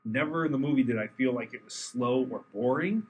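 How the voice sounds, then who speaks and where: A man's voice: mid-range voice, brisk, a little hiss or hum, poor audio. Enthusiastic joking male podcast co-host. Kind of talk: casual chat. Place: studio in Los Angeles.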